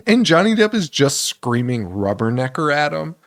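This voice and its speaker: This man co-hosts a horror movie podcast, speaking unhurriedly in a slightly high, gravelly voice that's very animated. He curses freely, laughs a lot, and slips into put-on voices to act out lines from films.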